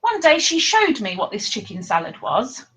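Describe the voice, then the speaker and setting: A woman's voice: sits high, wildly swooping pitch, normal speed, fairly bright tone, rough recording. A woman hosting a casual live stream from her living room, chatting, reading viewer comments aloud and laughing often.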